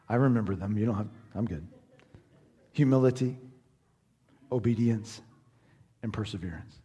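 A man's voice: mid-range voice, mellow, husky. A man from Southern Indiana preaching a sermon as pastor, conversational, earnest and encouraging.

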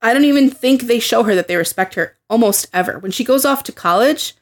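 A young woman talks on a casual podcast in a slightly high voice. She gets heated, swears freely and acts out lines from what she describes. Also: lively intonation, a little fast. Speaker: podcast co-host. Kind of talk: casual chat.

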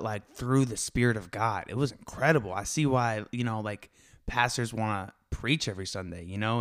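A young man speaks quickly and with animated excitement on his solo podcast. His voice sits at an ordinary middle pitch, and he talks in a casual, conversational way. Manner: fast, excitable, animated storytelling. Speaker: podcast host.

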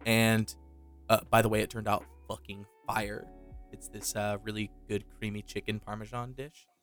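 A man's voice: on the low side, level tone, moderate pace, a bit bright. A young man chats loosely on a podcast, swearing often as he spins his story. A faint bed of music plays beneath his voice. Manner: loose storytelling with frequent profanity. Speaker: podcast co-host. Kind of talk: casual chat.

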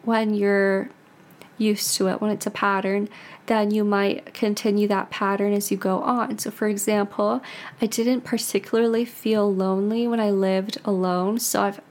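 An American podcast host in her twenties gives a casual confessional monologue, chatty and rambling, full of "like"s and frequent restarts. Her voice sits at medium pitch with a flat delivery, a moderate pace, and a slightly mellow quality.

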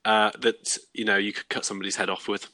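A man's voice: lowish voice, flat delivery, fast talker, pushed and bright, no room sound. A man with a Northern English accent chatting on a podcast, laughing and teasing while reading out quiz facts. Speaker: podcast co-host. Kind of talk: casual chat.

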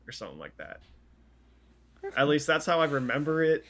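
A man's voice: fairly high pitch, very animated, fairly quick, a bit bright. A man doing comedic freestyle raps, then earnestly defending his lyrics in playful banter.

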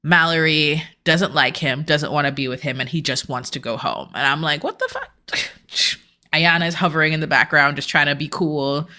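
Woman, podcast co-host, casual recap, animated, bright. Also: deep voice, brisk, hardly any pauses. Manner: animated, acts out quotes, rants.

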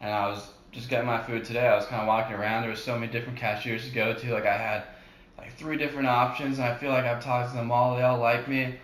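A young man co-hosting a casual podcast, talking in a goofy, laid-back way full of surfer slang. His voice sits at a middle pitch. The room around him adds a clear echo. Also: little pitch movement, fast, a bit bright. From New Jersey. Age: young adult. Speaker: podcast co-host. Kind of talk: casual chat.

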